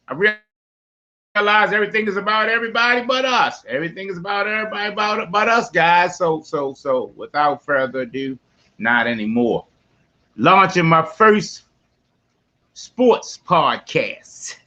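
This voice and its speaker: A man with a Baltimore accent hosting a casual live sports podcast from his man cave, talking in loud, slangy, folksy bursts. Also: high-pitched, lively intonation, measured pace, muffled recording. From West Baltimore. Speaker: podcast host.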